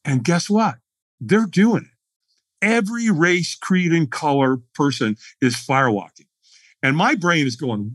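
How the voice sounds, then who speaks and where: A man's voice: fairly high pitch, animated, a little slow, fairly bright tone, breathy edge, no echo. A man telling a dramatic story as a podcast guest, acting out the scene in voices. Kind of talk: animated storytelling.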